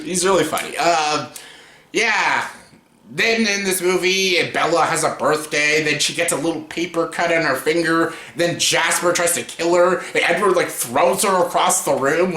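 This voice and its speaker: A man's voice: on the high side, pushed and bright. A young man ranting in a casual film review, exasperated and mocking, cursing often and breaking into laughter. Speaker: YouTuber reviewing films. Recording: echoey room.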